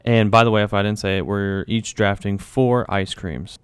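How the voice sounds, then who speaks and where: Smooth low-voiced young podcast host. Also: male voice, fairly even intonation, moderate pace, no echo. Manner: mock-announcer, joking threats. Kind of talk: casual podcast chat.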